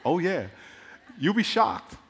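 Animated preacher man in a reverberant hall. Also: a little high, slow pace, husky. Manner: animated storytelling with playful jokes. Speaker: pastor. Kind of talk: sermon.

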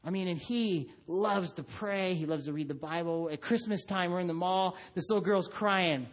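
A middle-aged man preaching a sermon, telling stories about his son and acting out voices. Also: moderate pace. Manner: animated storytelling, acts out his son in a high voice. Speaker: pastor.

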